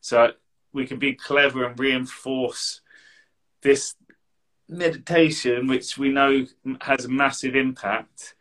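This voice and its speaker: Guy giving meditation tips, earnest and rambly, bright forceful tone. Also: medium pitch, steady tone, slow, poor audio. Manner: earnest, rambling, repeats words. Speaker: co-host meditation coach. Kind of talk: casual advice talk.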